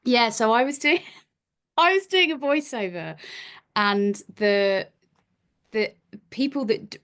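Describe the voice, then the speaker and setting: A woman in her forties, an actor and musician appearing as a podcast guest, chats casually and tells self-deprecating anecdotes, acting out her own lines. Her voice is a little high and fairly bright, with lively intonation, and she takes her time.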